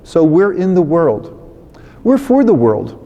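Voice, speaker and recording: A priest giving a conversational, unhurried reflection on a scripture reading, explaining it to his listeners. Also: a little high, huge pitch swings, highs cut off. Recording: long hall reverb.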